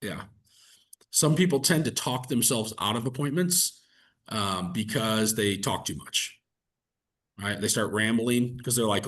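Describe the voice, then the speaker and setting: A man coaching real estate agents through cold-call script practice, casual and energetic, peppering his talk with "like" and "right?". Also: lowish voice, unhurried. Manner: energetic, conversational, fillers like "like" and "right?". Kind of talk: coaching session with role-play practice.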